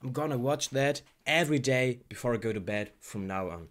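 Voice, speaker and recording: A man's voice: medium pitch, expressive, a little fast, a bit bright. A German man hosting a reaction video, gushing over clips and explaining how words are pronounced. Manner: gushing, exclamatory, explains pronunciation. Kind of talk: excited reaction commentary.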